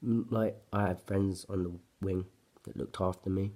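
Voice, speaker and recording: A man's voice: deep voice, steady tone, normal speed, a little mellow. A man, telling a personal story to camera in an agitated, profane, blunt ranting way. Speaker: vlogger.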